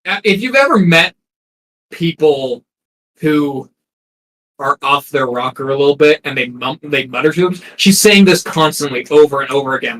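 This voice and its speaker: A man's voice: fairly high pitch, expressive, normal speed, fairly bright tone, low-quality recording. A man narrating a tabletop game as game master, hesitant and full of ums and restarts.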